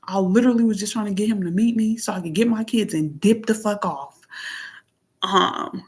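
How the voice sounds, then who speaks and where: A woman venting in a casual monologue into her phone, blunt and heavily profane, moving between heated outbursts and low murmurs. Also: normal speed, a little mellow, slightly rough. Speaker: vlogger.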